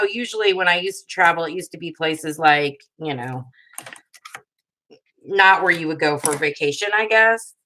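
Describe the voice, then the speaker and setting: A woman in her thirties with a bright, forward voice, chatting casually on a live crafting stream. She rambles through stories as she works and laughs easily. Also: on the low side, animated, a little slow, pauses often, low-quality recording. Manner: chatty, rambling storyteller who laughs often. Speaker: paper craft video host.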